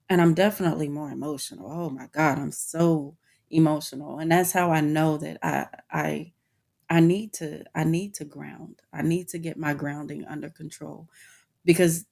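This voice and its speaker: A woman's voice: sits low, vocal fry, a little mellow. A woman hosting a personal podcast, talking candidly and informally to her listeners, with frequent restarts. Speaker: podcast host. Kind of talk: personal reflective monologue.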